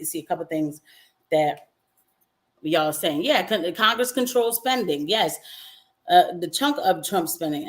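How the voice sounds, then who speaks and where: A young woman, a nurse, chatting casually on a livestream, reading viewer comments and slipping into mocking voices. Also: lowish voice. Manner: animated, swings into mocking quoted voices, laughs often. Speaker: nurse and political vlogger.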